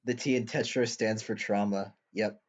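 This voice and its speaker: A man co-hosting a reaction stream, talking in a dry, easygoing, gently teasing way. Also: on the low side, steady tone, normal speed. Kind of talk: casual chat.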